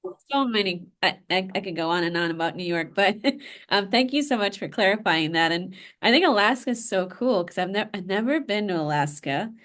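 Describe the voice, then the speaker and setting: A woman's voice: mid-range voice, lively intonation, a little fast, a bit bright. Female interviewer, chatty and eager, mid-range voice. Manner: enthusiastic, chatty. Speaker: interview host. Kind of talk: casual interview chat.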